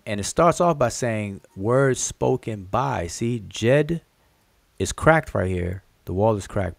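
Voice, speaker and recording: A man's voice: lowish voice, gravelly, darkish tone, dry recording. A man hosting a livestream lesson, patiently explaining inscriptions, repeating key words and talking straight to his chat. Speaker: host teaching hieroglyphic writing.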